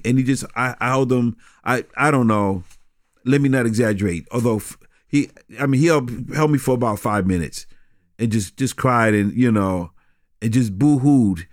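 Animated storytelling man, dry sound. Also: mid-range voice, moderate pace, no room sound. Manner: animated, many restarts and "you know". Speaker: street minister. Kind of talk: conversational storytelling.

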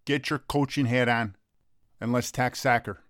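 A man's voice: medium pitch, fairly even intonation, moderate pace, a bit bright, no echo, clean studio sound. Blunt, teasing tough-talking man. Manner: blunt, teasing, swears freely, street-tough talk. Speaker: friend of the coach. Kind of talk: comedic sketch dialogue.

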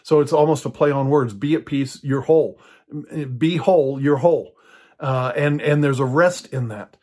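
A man's voice: mid-range voice, normal speed, darkish tone. Older male preacher, casual storytelling delivery, loose and full of fillers. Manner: conversational, storytelling with many fillers and restarts. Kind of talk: personal teaching talk.

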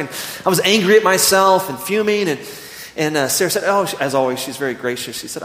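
A man in his thirties preaching a sermon, earnest and storytelling, slowing down when he reads scripture. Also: medium pitch, animated, fairly bright tone. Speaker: pastor. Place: church sanctuary. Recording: echoey church hall.

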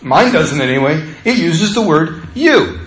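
A man preaching a sermon as pastor, talking in a conversational, animated way and telling stories with laughter. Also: on the high side, unhurried, echoey room, low-quality recording.

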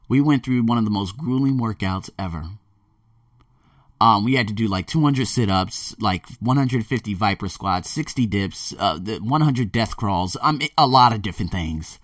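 A man hosting a motivational podcast, rambling energetically and swinging between loud excitement and quiet earnestness. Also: on the low side, normal speed, no echo, clean studio sound, distant mic. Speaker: podcast host. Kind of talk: motivational monologue.

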